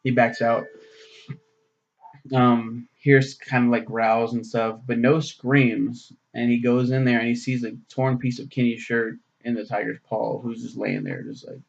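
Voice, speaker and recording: A man with a gravelly, creaky voice rambles through a casual book-review vlog. He swears freely and fills his pauses with "um". The recording sounds dull and lo-fi. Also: mid-range voice, little pitch movement. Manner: rambling, profane, many "um"s.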